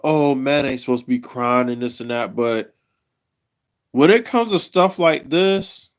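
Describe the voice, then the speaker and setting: A man hosting his own livestream, talking emotionally in halting, repeated phrases. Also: mid-range voice. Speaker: livestream host.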